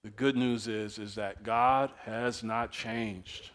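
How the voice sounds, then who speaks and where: A man preaching a sermon, telling the story in a lively, conversational way and acting out the quoted speakers. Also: lowish voice, takes it slowly. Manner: animated storytelling preacher, acts out quoted voices; casual, chuckles often. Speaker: pastor.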